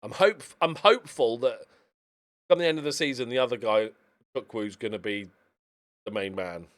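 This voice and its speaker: A man's voice: mid-range voice, moderate pace, fairly bright tone. A man giving chatty let's-play commentary on a football management game, cheering his team on as matches play out, recorded on a desk microphone. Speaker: video game streamer.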